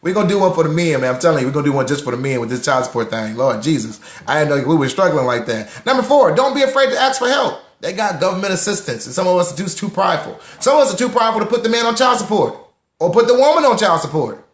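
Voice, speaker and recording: A young man hosting a live talk room on money, lively and preachy, repeating lines for emphasis and greeting listeners by name. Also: high voice, fast, reverberant. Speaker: host of a live social audio room on personal finance.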